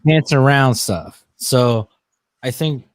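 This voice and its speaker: A man's voice: medium pitch, takes it slowly, music in the background. Teasing man on a podcast mic. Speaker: podcast co-host. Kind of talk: casual chat.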